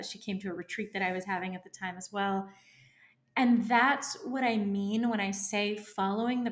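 A woman entrepreneur, a guest in an interview, telling a story in a lively, animated way and acting out her own inner voice. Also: medium pitch.

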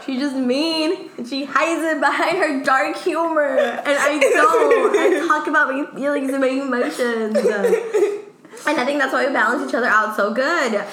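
Emotional, chatty woman podcaster, higher voice. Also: steady tone, normal speed, a loud crowd. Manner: emotional, candid, laughs often, heavy use of "like". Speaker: podcast co-host. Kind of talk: casual podcast chat. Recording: echoey room with faint noise.

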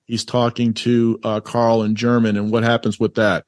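A man's voice: medium pitch, level tone, normal speed, darkish tone, dry recording, studio quality. A male podcast co-host in casual movie chat, rambling and laughing easily.

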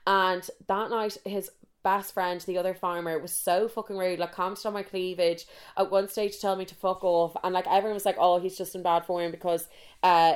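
A young woman telling a story in a casual way. She talks frankly, swears a lot, mocks herself and uses many fillers. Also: fairly low pitch.

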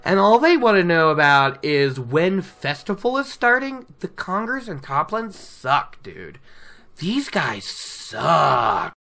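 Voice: medium pitch, bright, forceful tone. A podcast host casually retelling a novel from notes, chatty and laughing between asides. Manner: chatty, laughing, self-interrupting. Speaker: book recap podcast host.

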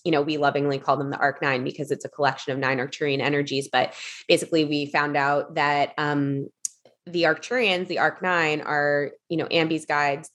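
A woman telling a story as a podcast guest, chatty, with lots of fillers, acting out quotes in a higher voice. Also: fairly bright tone. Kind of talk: casual storytelling in an interview.

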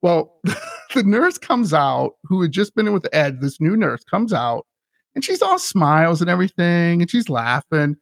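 A man's voice: high-pitched, sing-song, measured pace, creaky, no room sound, clean studio sound. A man hosting a podcast, telling a story in an eager, rambling way with many restarts. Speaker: podcast host. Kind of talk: casual chat.

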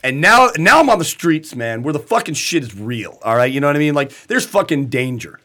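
A man co-hosting a casual podcast, telling profane, animated stories and laughing often. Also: a little high, brisk.

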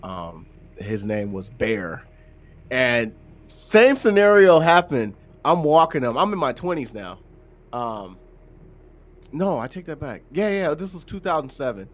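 Guy on a podcast telling a crazy story, animated, gets loud on the quotes, bit of hiss. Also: medium pitch, unhurried. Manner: animated, acts out his own quotes loudly. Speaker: podcast co-host. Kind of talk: casual storytelling chat.

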